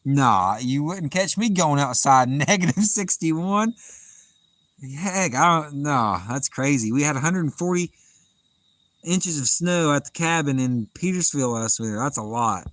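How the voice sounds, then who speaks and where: Out fishing at night on a live stream, a Southern man reads off viewer comments, chatting easily and laughing a lot in a laid-back drawl. He speaks a little slowly at a fairly high pitch, and the recording is dry and rough.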